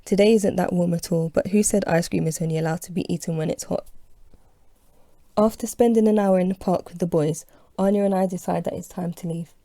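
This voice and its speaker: A woman's voice: fairly low pitch, steady tone, brisk, warm tone, dry recording, studio quality. A woman reading her own novel aloud as an audiobook, telling it in the first person with expression. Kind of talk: audiobook narration.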